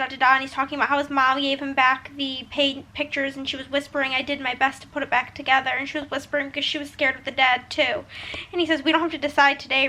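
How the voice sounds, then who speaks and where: High bright-voiced woman book vlogger. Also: low-quality recording. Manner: emotional, gushing, reads quotes then reacts. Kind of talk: casual reading vlog, reading passages aloud.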